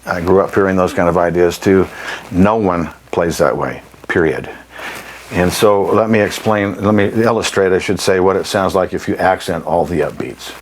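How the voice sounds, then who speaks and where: Deep-voiced man teaching jazz saxophone. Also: a little hiss or hum. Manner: unhurried, frequent ums and throat clearing, sings rhythms. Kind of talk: instructional lesson.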